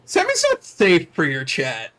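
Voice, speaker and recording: A man with a somewhat high voice that swings widely in pitch, chatting on a stream. He laughs easily and teases his friend. His delivery stays loose and animated. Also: a little slow. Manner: laughs often, animated and teasing. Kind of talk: casual chat on a livestream.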